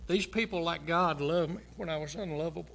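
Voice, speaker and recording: A man's voice: a little high, a little fast, creaky, a bit bright, a little hiss or hum. A man in his sixties, a pastor preaching a sermon in a church and telling personal stories in a folksy, chuckling way. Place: church sanctuary.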